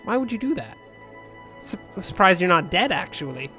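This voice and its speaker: A man's voice: high-pitched, sing-song, moderate pace, soft background music. Rambling jokey man narrating gameplay. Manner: jokey, rambling, sudden shouted outbursts. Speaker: let's play host. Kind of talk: rambling game commentary.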